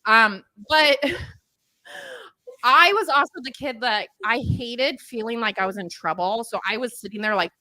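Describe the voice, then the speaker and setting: A woman's voice: on the high side, measured pace, no room sound, low-quality recording. A woman co-hosting a podcast, telling a crude funny story in casual chat and acting out the voices. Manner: animated, crude jokes, acts out voices. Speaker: podcast co-host.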